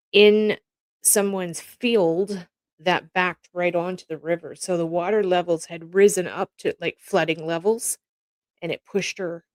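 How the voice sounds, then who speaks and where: Reacting to news clips from her home, a Canadian woman with a lowish voice rambles through heartfelt stories in a casual way, nearly tearing up. There is no room sound on the recording.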